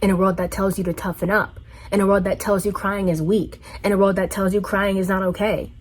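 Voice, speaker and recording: A woman's voice: mid-range voice, little pitch movement, a little fast. A woman vlogger talking in an earnest, heartfelt way, repeating phrases for emphasis. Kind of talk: reflective personal monologue.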